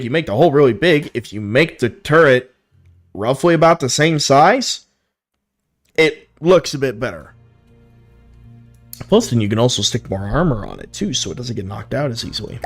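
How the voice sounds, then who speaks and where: A young man streaming, giving frank, profane, easily amused commentary on viewers' builds. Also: mid-range voice. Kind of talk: casual live-stream commentary.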